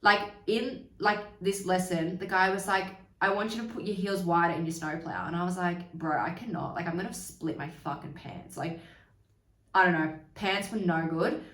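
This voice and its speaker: A young woman tells a candid personal story in a casual, chatty way, slipping in swear words and acting out what people said. Her voice sits a little low. She sounds set back from the mic in a roomy space. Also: normal speed, a bit bright, far from the mic. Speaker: podcast host.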